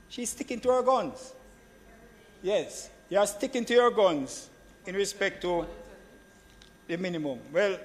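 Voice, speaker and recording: A man giving an emphatic parliamentary debate speech as a government senator, repeating phrases and addressing the chair. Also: sits high. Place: senate chamber. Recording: long reverb of a chamber hall.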